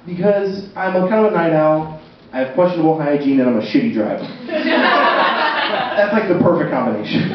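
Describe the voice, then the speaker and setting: A young man does a self-deprecating, conversational stand-up set on a university stage, saying "um" a lot. His slightly high voice has a sing-song quality at a normal speed with frequent pauses. The recording sounds roomy, distant and dull, with audience laughter throughout.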